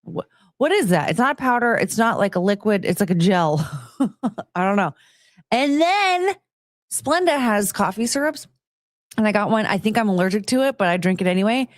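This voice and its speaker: A woman's voice: mid-range voice, expressive, fairly quick, no room sound, clean studio sound. A woman live streamer chatting casually and rambling, often poking fun at herself and greeting her chat. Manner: rambling, self-mocking, greets chat in a sing-song lift.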